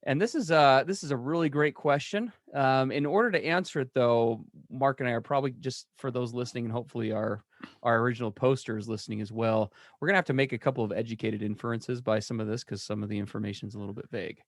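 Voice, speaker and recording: A man's voice: mid-range voice, quick pace, no echo, studio quality. A man co-hosting a podcast, talking in a casual, upbeat and joking way, sometimes like a radio disc jockey. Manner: upbeat, energetic, jokey radio-style intro. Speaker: podcast co-host.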